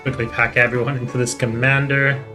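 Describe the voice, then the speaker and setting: A man hosting a gaming channel, reading game text aloud in an even, matter-of-fact way with casual asides while he plays. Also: mid-range voice, fairly quick, over music.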